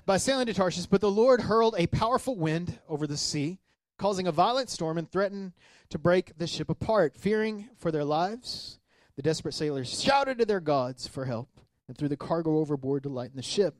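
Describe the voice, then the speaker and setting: Lively pastor preaching a sermon. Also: male voice, high voice, normal speed, no echo. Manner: animated, acts out the sailors' voices.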